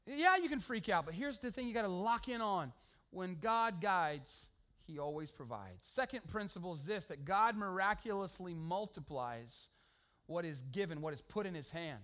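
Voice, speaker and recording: A man preaching a sermon to a congregation, animated and joking with the crowd. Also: high voice, normal speed. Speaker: pastor.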